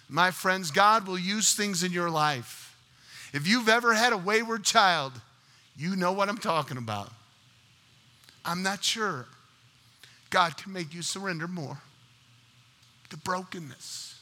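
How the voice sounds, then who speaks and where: A male pastor preaching a sermon, telling stories and acting out the voices in them, swinging from loud to hushed. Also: high voice, expressive, measured pace, long reverb tail. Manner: storytelling, acts out voices with big swings in loudness.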